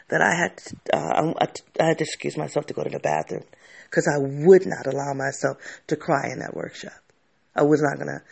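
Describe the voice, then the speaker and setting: A man's voice: fairly high pitch, vocal fry. A man telling a candid personal story to camera, reflective and often restarting his sentences.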